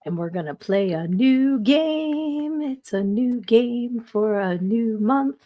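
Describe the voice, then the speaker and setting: A woman's voice: mid-range voice, lively intonation, a little slow, warm tone. A woman hosting a live podcast stream, chatting casually, reading viewer comments aloud and laughing often. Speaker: podcast host.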